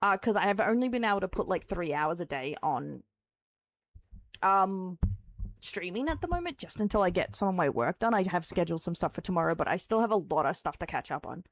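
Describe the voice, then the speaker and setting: A woman's voice: lowish voice, sing-song, a little fast, dry recording, clean studio sound. A tired young Australian woman streamer chatting casually with viewers, giggling, rambling and swearing as she goes. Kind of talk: casual live-stream chat.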